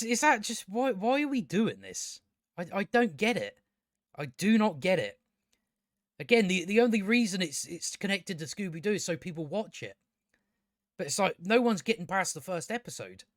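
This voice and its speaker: A man's voice: on the high side, bright, forceful tone, dry recording, studio quality. A man reviewing a TV show in a casual rant, blunt, scornful and full of swearing.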